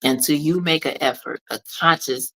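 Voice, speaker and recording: A woman with a notably low-pitched voice delivers a motivational monologue as a consultant. She speaks directly to the listener in an emphatic, preachy way. She repeats key lines to drive them home. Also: moderate pace, bright, forceful tone, rough recording.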